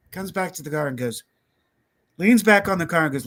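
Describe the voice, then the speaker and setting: A man tells a story as a podcast guest in a loose, casual way. His voice sits a little higher than most men's, and he breaks into quoted voices and laughter as he goes. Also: fairly quick, pauses often. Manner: animated, acts out quoted voices, laughs often.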